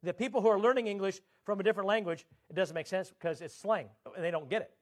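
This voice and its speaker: A man preaching a sermon, emphatic, drawing out scripture quotes slowly and swinging his pitch up and down. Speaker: pastor.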